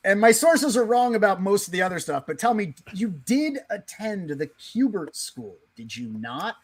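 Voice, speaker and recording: A man's voice: high voice, big pitch swings, moderate pace, slightly rough, dry recording. A man co-hosting a livestream, interviewing a guest in a joking way with lots of "uh" and "you know". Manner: playful, full of "uh" and "you know". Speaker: livestream co-host.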